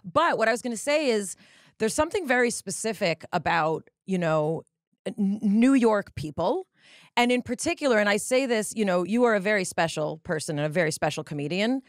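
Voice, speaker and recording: A woman from Los Angeles hosting a casual interview, animated and curious, quick to laugh. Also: medium pitch, no room sound, studio quality. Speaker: podcast host.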